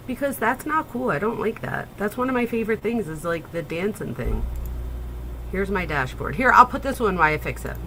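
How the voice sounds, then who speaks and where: A woman in her forties hosting a casual livestream, excitable and gushing, swearing freely as she chats with viewers. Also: medium pitch, a little hiss or hum, rough recording. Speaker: livestream host.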